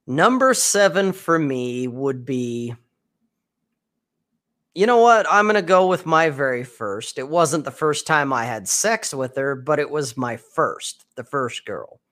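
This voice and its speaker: A man's voice: medium pitch, lively intonation, measured pace, fairly bright tone. A man co-hosting a podcast, telling crude stories and teasing his co-host. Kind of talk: casual crude chat.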